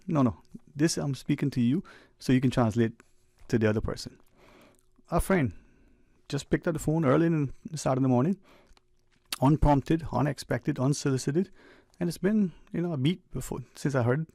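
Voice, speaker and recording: Gravelly radio host, dry studio sound. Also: male voice, fairly high pitch, expressive, dark tone, dry recording. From Cayman Islands. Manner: conversational, preachy, speeds up and slows down for emphasis. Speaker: radio talk show host. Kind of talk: reflective radio monologue. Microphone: studio microphone.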